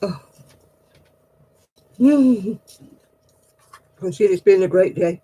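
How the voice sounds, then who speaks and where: A woman's voice: medium pitch, very slow, warm tone, breathy edge, poor audio. A woman hosting a casual live video chat, talking about knitting while coaxing and scolding a restless dog. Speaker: host of a live stream. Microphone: computer or phone on a video call.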